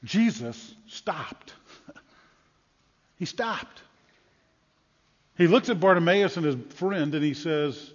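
A man preaching a sermon, dramatically acting out scripture voices and rising to loud calls. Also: on the high side, expressive, takes it slowly, pauses often. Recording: dull sound with long hall reverb.

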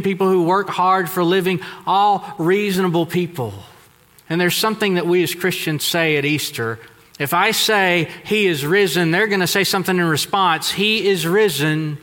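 A man from Texas preaching a sermon to a congregation, telling a story with emphatic turns and sudden soft drops. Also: high-pitched. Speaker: pastor. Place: large church hall. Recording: echoey hall.

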